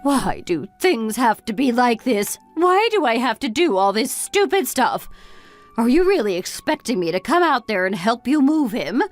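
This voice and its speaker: An exasperated mother who berates her grown son with one reproachful question after another, voiced by a woman. The voice sits fairly high and swings widely in pitch. It is read as a texting-story voice-over with faint music underneath. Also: big pitch swings, moderate pace.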